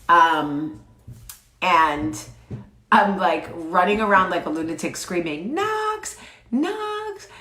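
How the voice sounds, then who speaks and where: Low-voiced woman chatting with a cold. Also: fairly bright tone. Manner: chatty, blunt, swears casually. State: sick with a cold. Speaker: vlog host. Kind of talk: casual chat to camera. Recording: roomy echo.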